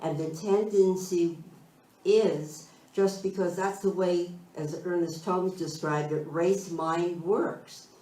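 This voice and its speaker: A woman minister giving a slow, thoughtful spiritual talk, searching for her phrasing as she goes. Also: on the low side, fairly even intonation, warm tone. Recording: roomy sound from a distant mic.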